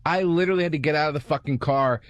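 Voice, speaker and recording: A man's voice: on the high side, rapid-fire, dry recording. A man co-hosting a comedy podcast in casual chat, telling loose anecdotes with easy laughter.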